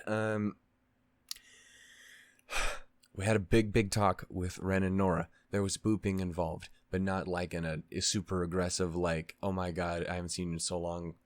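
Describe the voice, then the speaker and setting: A man's voice: deep voice, no room sound. A man hosting a reaction channel, casually recapping a show in a rambling way, with lots of fillers, restarts and swearing.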